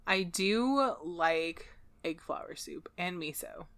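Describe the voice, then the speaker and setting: A woman co-hosting a podcast in casual chat, relaxed and trailing off softly at the ends of phrases. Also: on the low side, slow. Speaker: podcast co-host.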